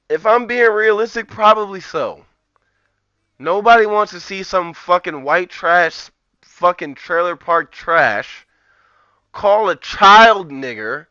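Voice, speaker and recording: A man's voice: high voice, pushed and bright, clean tone, no room sound, dull audio. A man streaming live, ranting profanely and rambling in a heated, casual way. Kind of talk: live-stream commentary rant.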